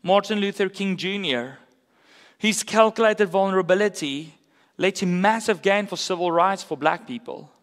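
A pastor preaching a sermon in an earnest, conversational way with casual asides. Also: male voice, high-pitched, normal speed, a bit bright, long reverb tail. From South Africa.

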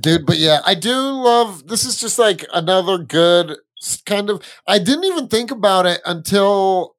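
A young man with a slightly high voice chats on a podcast. He rambles in a relaxed way and fills his talk with "like" and "dude". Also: a little slow. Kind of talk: casual chat.

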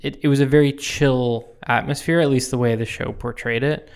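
Man co-host, mid-range voice, dry jokey asides, relaxed podcast chat. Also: medium pitch, normal speed, clean tone. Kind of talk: casual chat.

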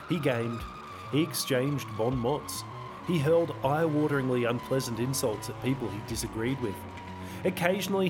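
Aussie guy reading his own audio novel, dry measured delivery, mid pitch, soft music under. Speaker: author and narrator. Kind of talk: audiobook narration.

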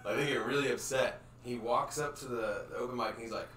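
A man's voice: medium pitch, fairly even intonation, fast talker, few pauses, fairly bright tone, a little hiss or hum. A man, a stand-up comedian telling a rambling, laid-back story in casual chat, chuckling as he goes. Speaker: stand-up comedian and podcast co-host. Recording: echoey room, mic at a distance.

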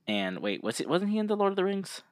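A man's voice: sits high, sing-song, quick pace, no room sound. A man co-hosting a podcast in casual chat, laid-back and laughing easily as he reads out trivia. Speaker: podcast co-host.

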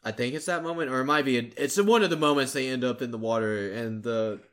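A young man co-hosting a podcast, easygoing and agreeable, at a middle pitch. He retells funny movie scenes in a relaxed, conversational way. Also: quick pace. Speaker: podcast co-host. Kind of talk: casual movie chat.

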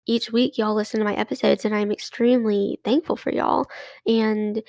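A woman's voice: mid-range voice, little pitch movement, normal speed, darkish tone, no echo. A young woman, hosting her solo podcast in an effusive, grateful, chatty way full of restarts. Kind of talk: casual monologue to listeners.

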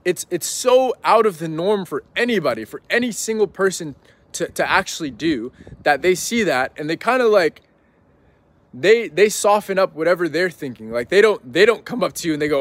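This young man has a high voice with lively intonation and talks fairly quickly, with no echo. As a podcast guest he rambles casually through a story, sprinkling in lots of "like" and "right?".

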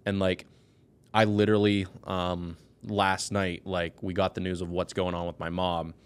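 A man's voice: low voice, flat delivery, normal speed, clear, resonant tone. A man speaking as a podcast guest, telling a personal story with intense, blunt emotion. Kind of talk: candid personal conversation.

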